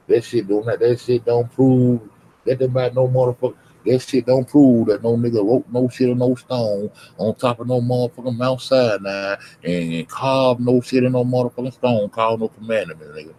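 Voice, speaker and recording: A man's voice: fairly low pitch, mellow, slight background noise, rough recording. A man livestreaming, ranting at his chat in a confrontational, heavily cursing, repetitive way. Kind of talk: profane rant at chat.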